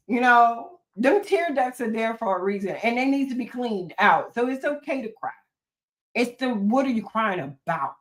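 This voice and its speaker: A woman's voice: on the high side, expressive, moderate pace. A woman therapist talking to her listeners in a preachy, folksy way, with repeated phrases, joking asides and many rhetorical questions. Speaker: therapist and podcast host. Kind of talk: solo talk to listeners.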